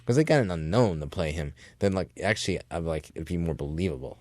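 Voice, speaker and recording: A man's voice: low-pitched, expressive, fast, darkish tone, no echo, clean studio sound. A man co-hosting a radio film review show, rambling with lots of fillers and casual slang.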